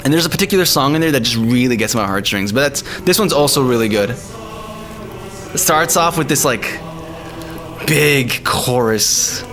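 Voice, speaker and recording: Laid-back streamer guy, lively sing-song voice, laughs a lot, soft music under him. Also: mid-range voice, measured pace. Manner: laughing often, excitable, slangy. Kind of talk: casual live-stream chat over music. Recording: music playing faintly behind.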